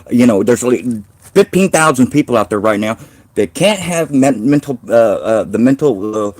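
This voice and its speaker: A man's voice: medium pitch, darkish tone, dry recording. A worn-out man talks in a rambling, emotional video diary, swearing heavily as he speaks. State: worn out after illness. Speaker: vlogger.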